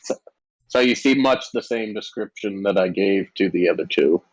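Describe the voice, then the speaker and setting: A man narrates a tabletop game as its game master, his voice sitting a bit low. He stumbles through fillers and restarts as he describes the scene. The sound is dry and close. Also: dry recording, poor audio. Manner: halting, many fillers and restarts.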